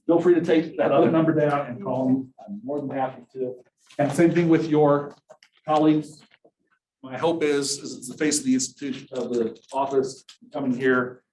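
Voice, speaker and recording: A middle-aged man directing a university accessibility office, giving a workshop presentation to an audience in a candid, conversational way with dry, dark humor. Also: mid-range voice, steady tone, moderate pace, echoey room, rough recording.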